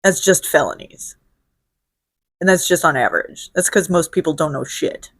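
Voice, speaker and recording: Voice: medium pitch, expressive, normal speed, fairly bright tone, husky, dry recording. A vlog host from Illinois works through a list of questions, cursing freely and cracking dry, sardonic asides. The voice sits in a middle range. It is recorded close and dry, with no room sound. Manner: blunt, profane and sardonic. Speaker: show host. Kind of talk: casual solo question-and-answer vlog.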